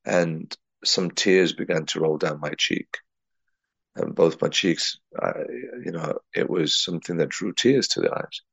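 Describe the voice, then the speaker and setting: A man's voice: low voice, steady tone, unhurried, creaky, a bit bright, husky, no echo. A man from England giving a reflective spiritual talk, telling a personal story and weaving in Arabic and Urdu religious terms. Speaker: religious teacher.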